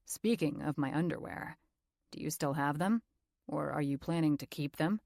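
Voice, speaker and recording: A woman voicing a young male actor who soothes and teases his co-star in a slightly lowered voice. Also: moderate pace, creaky, darkish tone, no echo, clean studio sound. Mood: teasing. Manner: soothing, teasing. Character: teasing, gentle male actor, young adult.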